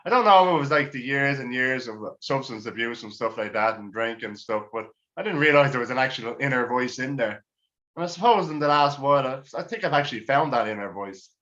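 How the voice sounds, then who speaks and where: Crude rambling comic. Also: male voice, medium pitch, animated, fairly quick, pushed and bright, highs cut off. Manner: crude, rambling, self-mocking. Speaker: stand-up comedian. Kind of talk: stand-up routine.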